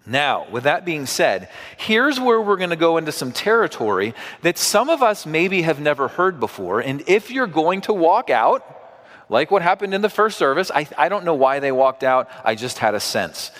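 A man's voice: a little high, fairly bright tone, big-room sound. A man preaching a sermon in a church, talking to the congregation in a conversational way with asides and questions. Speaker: pastor.

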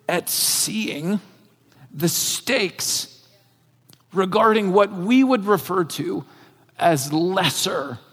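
A man with a high voice preaches to his congregation in an earnest, conversational way, often padding his phrases with "like". His words ring out with a long reverb in a church sanctuary. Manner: conversational, earnest, many filler "like"s. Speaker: pastor. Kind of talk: sermon.

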